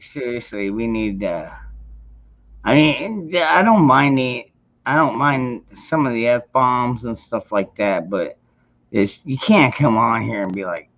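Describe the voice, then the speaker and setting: A man's voice: lowish voice, a bit bright. A man hosting a casual livestream chat, rambling with lots of restarts and swearing freely. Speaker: livestream host. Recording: dull lo-fi stream audio.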